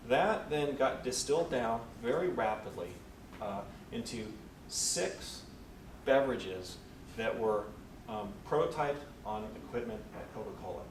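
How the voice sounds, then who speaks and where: A man leading a conference session, telling a work story and acting out the people in it. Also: medium pitch. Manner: animated storyteller acting out quotes. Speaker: session leader. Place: conference room. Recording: echoey room from far off with noise.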